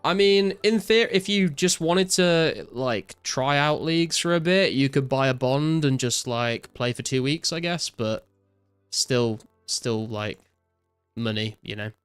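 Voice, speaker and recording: Smooth-voiced young man streaming a game. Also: a little high, normal speed, few pauses, dry recording, faint music behind. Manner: relaxed, reads out chat messages and answers viewers with many fillers. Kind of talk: casual live-stream chat while gaming.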